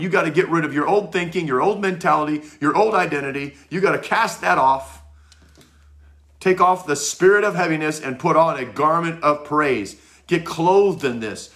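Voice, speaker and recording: Pastor guy preaching hard, bright sharp voice, keeps hammering the same lines. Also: fairly high pitch. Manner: fervent preaching, emphatic repetition. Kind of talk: sermon.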